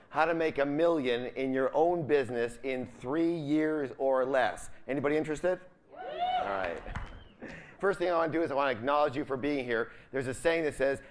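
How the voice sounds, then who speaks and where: This seminar speaker has a mid-range voice and brings upbeat energy to a live session. He constantly quizzes the audience and trails off so they can finish his sentences.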